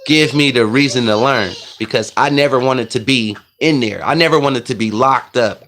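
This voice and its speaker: A man's voice: mid-range voice, a bit bright. Earnest man talking to camera. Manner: earnest, rambling, addresses viewers as y'all. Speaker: vlogger. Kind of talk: casual monologue to camera.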